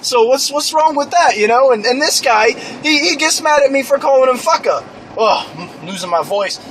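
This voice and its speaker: A man's voice: very high-pitched, lively intonation, normal speed, fairly bright tone, slight background noise, rough recording. A young man improvising a crude, clueless young British man who rambles, stammers and swears constantly, with a put-on British accent. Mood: boastful. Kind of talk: improvised comedy monologue.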